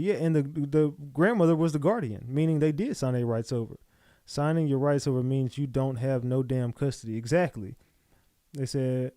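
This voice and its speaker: A man's voice: a little high, moderate pace, dark tone, dry recording, clean studio sound. Blunt, mocking male livestream host. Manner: exasperated, mocking, talks straight to viewers. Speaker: livestream host reacting to a clip. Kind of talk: blunt profane livestream commentary.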